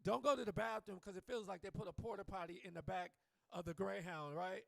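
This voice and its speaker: A stand-up comedian working a club crowd with loose, profane banter. His voice sits high for a man and has a heavy gravelly rasp. The sound is close and dry. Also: fairly even intonation, fast talker, fairly bright tone, no echo. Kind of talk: live stand-up set.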